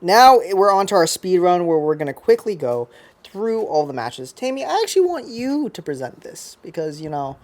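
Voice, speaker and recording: A man co-hosting a casual chat, eager and bossy as he hurries his partner along. His pitch moves a lot, rising and falling with animation. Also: very animated. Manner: eager, bossy, quick to hurry things along. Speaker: podcast co-host.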